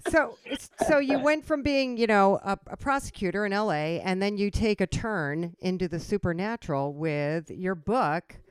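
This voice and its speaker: A woman hosting a radio show interview in a lively, expressive way. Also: medium pitch, normal speed, hardly any pauses, clean tone, no room sound, clean studio sound. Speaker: host.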